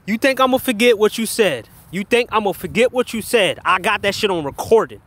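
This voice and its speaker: A man's voice: very high voice, lively intonation, brisk, bright, forceful tone. A man in a heated, profane livestream rant, talking straight to his chat viewers and repeating himself. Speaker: livestream commentator.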